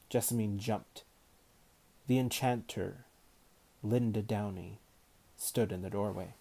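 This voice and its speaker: A man reading a novel aloud as narrator in a measured, unhurried manner. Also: fairly low pitch, fairly even intonation, creaky, mellow. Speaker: audiobook narrator.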